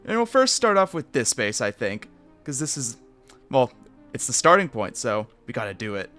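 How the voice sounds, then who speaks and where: Casual game commentator, male, bright and smooth, rambling asides, faint music underneath. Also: mid-range voice, very animated, normal speed. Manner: rambling, self-correcting, joking asides. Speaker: Minecraft YouTuber giving a base tour.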